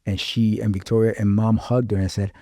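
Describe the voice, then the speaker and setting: Low-voiced pastor telling his story. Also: brisk, dry recording, studio quality. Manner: animated storyteller, voices quoted dialogue. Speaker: pastor, guest. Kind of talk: personal testimony in casual interview.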